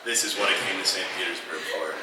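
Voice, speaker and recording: A man's voice: low voice, fairly even intonation, quick pace, background noise. A man doing a stand-up routine on a club stage, telling dry, ironic stories with quoted asides. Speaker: stand-up comedian. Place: comedy club stage before a live audience. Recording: echoey club room, from a distance, audible audience.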